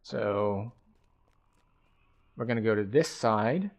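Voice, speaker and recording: A man's voice: on the low side, slow, slight background noise. Man casually commenting on his gameplay. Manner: thinks aloud, explains game mechanics at an easy pace. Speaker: game streamer.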